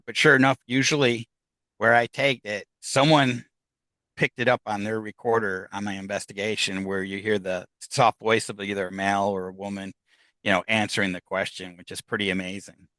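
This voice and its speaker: A man's voice: on the low side, steady tone, normal speed, a bit bright, no echo. A man who investigates the paranormal, chatting casually in an interview, rambling with many restarts and fillers. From United States.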